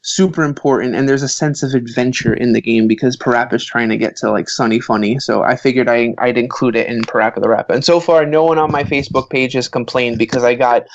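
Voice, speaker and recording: NY guy, 30s, Brooklyn accent, animated storyteller, dry muffled mic. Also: medium pitch, quick pace, hardly any pauses, no echo. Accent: New York (Brooklyn). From Brooklyn, New York. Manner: animated storyteller, acts out quoted voices. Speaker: guest author. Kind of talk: casual podcast chat.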